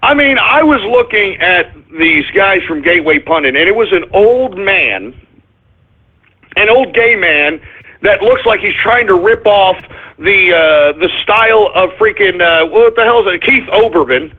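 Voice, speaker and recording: A man hosting his own radio show, ranting in an agitated way, repeating himself and breaking into shouts. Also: high voice, expressive, a little slow, breathy edge. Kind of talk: ranting call-in radio monologue. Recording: phone-line quality broadcast.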